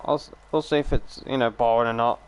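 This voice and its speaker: Smooth-voiced man chatting while gaming. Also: medium pitch, fairly even intonation, fast. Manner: rambling, with many fillers and restarts. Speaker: game streamer. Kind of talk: casual live-stream chat while gaming.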